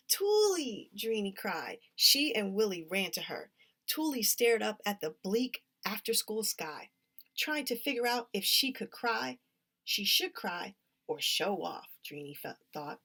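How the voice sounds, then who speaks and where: A woman's voice: medium pitch, a bit bright. Woman reading a kids' story aloud. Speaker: story reader.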